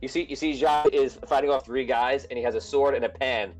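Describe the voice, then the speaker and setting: A man's voice: mid-range voice, fairly even intonation, a little fast, a little mellow, soft background music, poor audio. A man running a tabletop game as game master, narrating loosely with lots of restarts.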